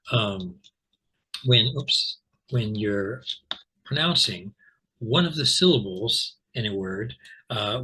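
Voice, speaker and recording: Over poor audio, a man with a lowish, bright, forceful and slightly rough voice gives an informal online lesson on English pronunciation. He explains patiently, rambles with fillers and restarts, and often checks in with "okay?".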